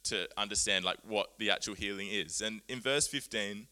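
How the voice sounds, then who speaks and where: A man preaching a sermon, earnest and animated, often laughing at himself as he explains Bible words. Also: fairly low pitch, normal speed.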